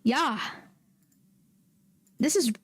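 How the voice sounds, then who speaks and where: A woman streaming a game, chatting casually with viewers and breaking into loud, excitable, swearing outbursts. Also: sits high, drawn-out words, slightly rough. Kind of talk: casual livestream chat.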